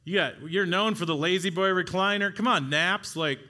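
Middle-aged pastor guy preaching, bright crisp voice, earnest and pushing. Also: high-pitched, moderate pace. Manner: earnest preaching to a congregation, urgent exhortations. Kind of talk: sermon.

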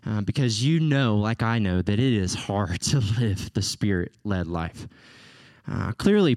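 Male pastor, animated sermon delivery with playful asides, mid-pitched voice, dry close-miked sound. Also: no room sound. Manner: animated, playful asides, rising to emphatic peaks.

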